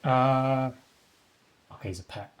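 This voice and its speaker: A man's voice: medium pitch, slow pace, clean tone. A man giving casual live commentary on a game he is playing. He is wry and mutters to himself, with the odd swear word. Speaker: streamer.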